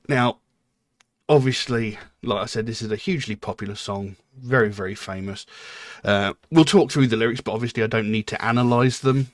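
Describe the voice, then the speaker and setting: A man's voice: medium pitch, expressive, normal speed, long pauses, no echo, studio quality. A man hosting a music reaction channel, giving casual, rambling commentary full of "you know" and "um".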